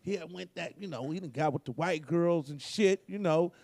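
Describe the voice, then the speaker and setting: Hoarse man, gravelly and high-pitched, spinning profane family stories, dry close sound. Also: normal speed, darkish tone, dry recording. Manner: profane, laid-back storytelling, acts out quotes. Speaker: guest comedian. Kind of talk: storytelling comedy.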